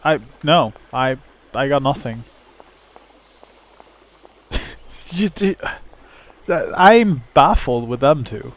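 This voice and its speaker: A man's voice: mid-range voice, lively intonation, slow, pauses often. A man commentating on a game he plays, sounding baffled, sarcastic and rambling. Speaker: gamer commentating. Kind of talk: let's play commentary.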